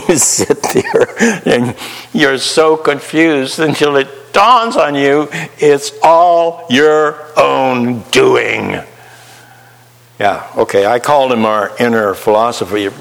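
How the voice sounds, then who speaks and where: A pastor with a gravelly, fairly bright, medium-pitched voice gives a slow sermon that trails into long reverb. Rhetorical questions go to his listeners, and he acts out the voice of conscience.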